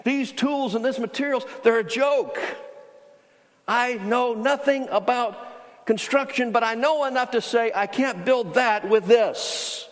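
A man's voice: fairly high pitch, expressive, a little fast, natural voice. A man voicing a frustrated, bewildered new worker who pleads with rising exasperation. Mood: exasperated. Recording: long hall reverb.

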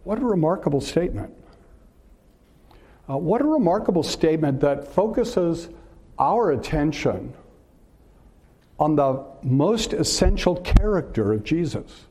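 A man preaching a sermon in an earnest way, asking rhetorical questions and pausing on filler words. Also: fairly high pitch, sing-song, warm tone, slight background noise.

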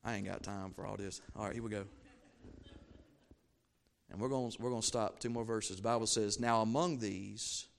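A man preaching a sermon, fervent and repetitive, swinging from low asides to loud emphatic peaks. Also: steady tone, brisk, vocal fry, long pauses. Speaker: pastor.

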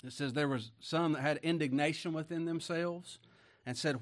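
A man's voice: a little high, fairly even intonation, moderate pace. A man preaching a sermon in a folksy, conversational way, often asking the congregation rhetorical questions. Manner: swings between loud emphasis and quiet asides. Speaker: pastor.

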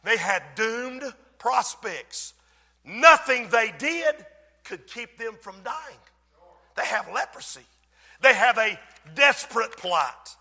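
A man preaching an impassioned sermon in a church, often rising to shouts. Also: very high-pitched, very animated, slow pace, long reverb tail.

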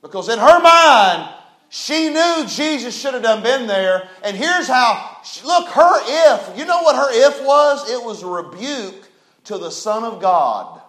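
A very high-voiced man preaching with folksy emphasis. His voice swells into shouts and rings through an echoey church room. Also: big pitch swings, measured pace. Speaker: pastor. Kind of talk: sermon.

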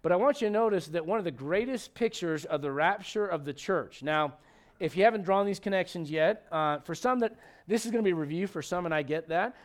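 Male pastor, high-pitched, conversational sermon delivery, quizzes the congregation, punches key lines. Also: animated, a little fast. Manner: conversational, emphatic, asks the congregation questions. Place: church sanctuary.

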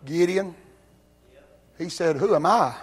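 A man preaching a sermon, telling Bible stories in a folksy way and rising to loud, shouted peaks. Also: on the high side, slow. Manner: builds from quiet storytelling to loud shouting.

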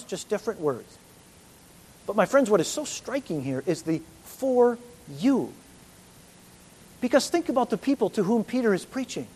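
Earnest high-voiced male preacher. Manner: earnest preaching, rising to loud emphatic peaks. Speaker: pastor. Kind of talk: sermon.

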